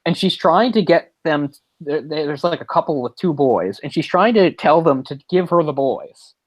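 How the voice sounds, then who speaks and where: Co-hosting a movie podcast, a man chats casually and rambles, full of fillers and restarts. His voice sits a little high and sounds animated at normal speed, with no room sound.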